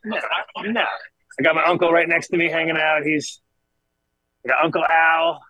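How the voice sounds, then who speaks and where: A man's voice: a little high, level tone, moderate pace, bright, forceful tone, no room sound, rough recording. A man from Rhode Island hosting a podcast from a cannabis club over a video call, telling rambling, profane stories in casual chat. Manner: rambling, profane, laughing storyteller. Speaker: podcast host. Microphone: camera on a video call.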